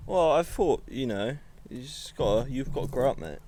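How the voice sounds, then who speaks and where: A man's voice: mid-range voice, animated, normal speed, background noise. A young man chatting casually as a podcast co-host, rambling and laughing often at himself. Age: young adult. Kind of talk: casual chat.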